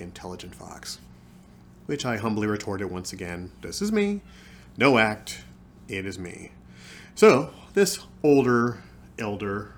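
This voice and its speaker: A man's voice: sits low, slight background noise. A man hosting his own podcast, telling a personal story in a theatrical, wry way and calling his listeners folks. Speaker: podcast host. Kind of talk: storytelling monologue.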